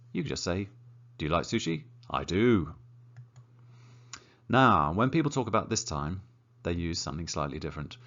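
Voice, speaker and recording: Male English teacher, low voice with a wide swing, upbeat and encouraging, dull lo-fi recording. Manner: lively and encouraging, slow and deliberate when modelling example sentences. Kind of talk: grammar lesson.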